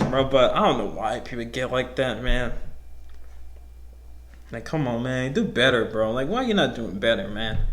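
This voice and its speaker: A man's voice: a little high, a bit bright. A young man hosting his own podcast, rambling casually and profanely, often laughing. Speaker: podcast host. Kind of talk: casual solo podcast rant.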